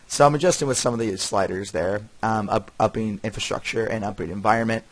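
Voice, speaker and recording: Low-voiced man rambling over gameplay. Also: fairly quick, hardly any pauses, dry recording. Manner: rambling, self-correcting, wry asides and chuckles. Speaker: gaming channel host. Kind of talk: casual gameplay commentary.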